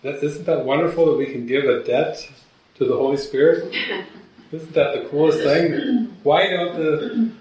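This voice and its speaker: A man's voice: fairly high pitch, measured pace, darkish tone. A man, a spiritual teacher, telling stories to a gathering and often laughing at his own jokes. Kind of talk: talk to a gathering. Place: meeting hall at a gathering. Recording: very echoey room, voice from far off.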